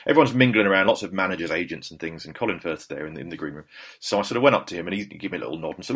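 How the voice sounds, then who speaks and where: A man hosting a podcast in a rapid, rambling, anecdotal way that keeps doubling back on itself. His voice sits low and slightly husky, and its pitch swings widely. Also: expressive, a bit bright. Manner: rambling and anecdotal, with self-corrections. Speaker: podcast host. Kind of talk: casual chat.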